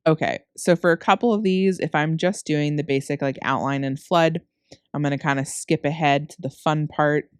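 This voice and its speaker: This woman speaks in a low, steady voice at normal speed, clean and dry with studio quality from a close microphone. Worn out from a late-night session, she narrates her cookie decorating tutorial casually and rambles. She self-corrects and laughs at her slip-ups.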